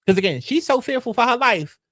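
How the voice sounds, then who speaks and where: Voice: medium pitch, very animated, quick pace, fairly bright tone, dry recording. Sassy host ranting about celebrity drama, profane and mocking, dry mic. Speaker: host of a gossip commentary show. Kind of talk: casual gossip commentary.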